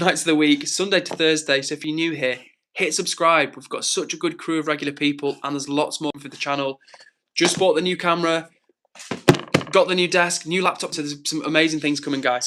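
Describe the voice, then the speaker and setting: A man's voice: fairly high pitch, steady tone, a little fast, pushed and bright, slight background noise. A man hosting a livestream, chatting casually and reading out viewers' comments in an upbeat, encouraging way. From England. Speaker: livestream host.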